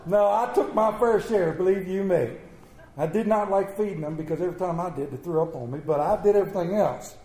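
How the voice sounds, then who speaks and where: A middle-aged man preaching a sermon to his church, telling stories in a folksy way with sudden loud bursts. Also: sits high, slight background noise. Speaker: pastor. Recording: echoey church room.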